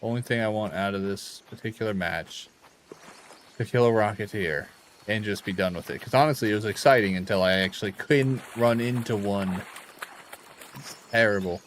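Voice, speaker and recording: Man, game streamer, low voice, tired, rambling casual commentary, faint background hum. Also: normal speed. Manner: rambling, talks to himself while playing. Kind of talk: casual live gameplay commentary.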